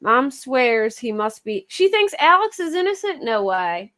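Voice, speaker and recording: A woman's voice: sits high, big pitch swings, measured pace, bright, forceful tone. A woman with a Philadelphia accent chatting casually with her livestream viewers, laughing often and fretting over how she says words. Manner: chatty, laughs often, self-conscious about her pronunciation. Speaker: true crime livestream host. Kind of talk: casual chat with live chat viewers.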